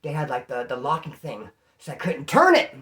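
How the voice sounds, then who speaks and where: A man from California telling a story casually, animated and slangy, acting out what people said. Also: fairly high pitch, normal speed. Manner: animated, slangy, acts out quotes.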